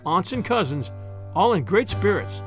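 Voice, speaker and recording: A man reading a story aloud as narrator, with lively storytelling. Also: high-pitched, normal speed, faint music behind. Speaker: audiobook reader. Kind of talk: scripted narration.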